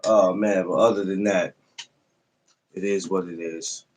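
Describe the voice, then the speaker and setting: A man's voice: deep voice, steady tone, measured pace. A man hosting a casual podcast livestream, greeting viewers by name and talking loosely, with profanity and frequent laughs. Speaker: podcast host greeting live chat.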